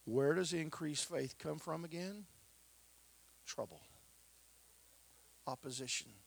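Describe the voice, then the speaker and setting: Gravelly, husky male preacher. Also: on the high side, slow pace, pauses often. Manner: swings between loud preaching and hushed whispers. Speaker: pastor. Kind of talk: sermon.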